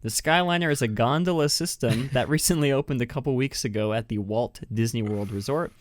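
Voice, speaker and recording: A man's voice: medium pitch, brisk, no room sound, studio quality. A man from New Mexico hosting a casual podcast, chatty, laughing often and restarting his sentences. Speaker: podcast host.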